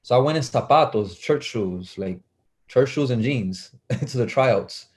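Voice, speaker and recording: A man's voice: medium pitch, lively intonation, measured pace, darkish tone. A young man, a basketball player telling stories as an interview guest, acting out the voices he quotes and laughing often. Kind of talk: casual storytelling.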